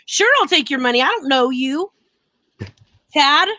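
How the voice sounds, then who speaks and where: A young woman co-hosting a casual live stream, telling animated stories and laughing often as she acts out what people said. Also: high-pitched, a little slow, a little hiss or hum. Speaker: co-host.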